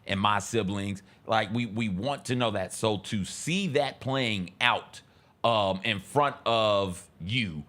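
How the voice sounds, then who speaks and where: A man co-hosting a talk show, speaking thoughtfully and measured in casual chat. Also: fairly low pitch, fairly bright tone. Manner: thoughtful, measured, repeats words. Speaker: co-host.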